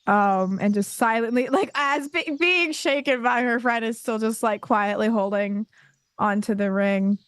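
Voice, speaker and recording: A woman plays a tabletop game and speaks slowly and haltingly with many fillers. Her voice sits a bit high, in a dry, close sound. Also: a bit bright, smooth, no echo. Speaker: player.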